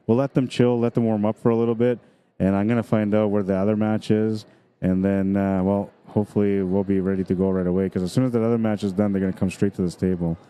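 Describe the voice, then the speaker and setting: Deep, very dark-voiced male stream commentator. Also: smooth. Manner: chatty, easygoing, talks directly to viewers. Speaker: pool tournament streamer and commentator. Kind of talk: casual live-stream commentary. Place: pool hall at a tournament.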